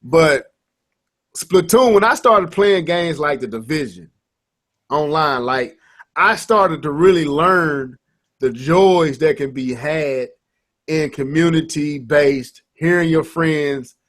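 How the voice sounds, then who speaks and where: A man in his thirties co-hosts a casual gaming podcast. His voice sits a little higher than most men's. He tells stories animatedly, with restarts and quoted banter from friends. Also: slow, long pauses, fairly bright tone. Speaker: podcast co-host.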